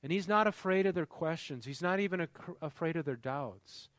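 A man's voice: on the high side, a little fast, a bit bright, dry recording. A man preaching a sermon in a conversational way, often asking the congregation questions. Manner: engaging, quizzes the congregation. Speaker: pastor.

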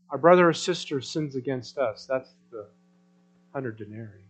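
A man preaching a sermon in a conversational way, checking in with the congregation through rhetorical questions and swinging between loud emphasis and soft asides. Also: mid-range voice, lively intonation, normal speed, slightly rough, highs cut off, faint music behind. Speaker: pastor.

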